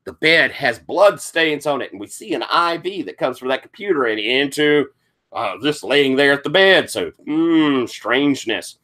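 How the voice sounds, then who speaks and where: A man running a tabletop game, recapping the session as an animated storyteller who acts out quotes and sound effects. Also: mid-range voice, normal speed. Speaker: game master.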